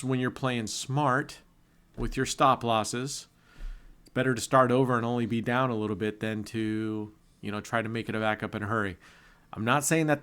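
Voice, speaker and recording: A man's voice: mid-range voice, fairly bright tone, smooth. A man chatting casually on a live stream, laughing often and telling jokes between roulette spins. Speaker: casino streamer.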